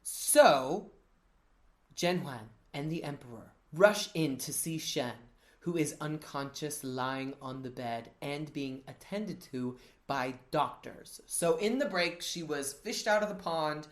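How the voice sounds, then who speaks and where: A man co-hosting a podcast and recapping a TV drama in casual chat, an animated storyteller who acts out the characters and swears playfully. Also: on the high side, slow, reverberant. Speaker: podcast co-host.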